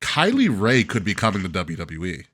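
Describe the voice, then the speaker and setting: A man's voice: deep voice, wildly swooping pitch, normal speed, a bit bright, husky. A man hosting a podcast in casual chat, laughing often and joking loosely. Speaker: podcast host.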